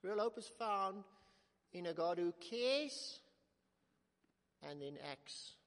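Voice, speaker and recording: A man preaching a sermon in earnest tones, swelling to emphatic calls and sinking to soft, slow words. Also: sits high, animated. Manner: earnest, rising to emphatic then dropping to soft, slow quotes. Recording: long hall reverb.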